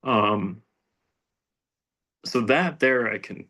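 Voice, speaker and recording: A middle-aged man telling his recovery story in a rambling, halting way, full of restarts and fillers, dropping to a near whisper at painful moments. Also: mid-range voice, expressive, pushed and bright. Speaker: speaker sharing recovery story. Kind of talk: personal testimony at a recovery meeting.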